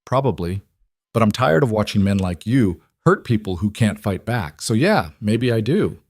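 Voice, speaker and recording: A man voicing a tired, quietly defiant old gunslinger in a western story, speaking quietly and flatly. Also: lowish voice, moderate pace, no echo, clean studio sound. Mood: quiet defiance. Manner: quiet, flat, world-weary.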